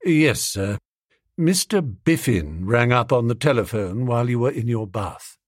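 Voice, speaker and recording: A man's voice: medium pitch, lively intonation, unhurried, dry recording, clean studio sound, voice pushed down. A man voicing a formal, reserved manservant who answers in clipped, deferential lines.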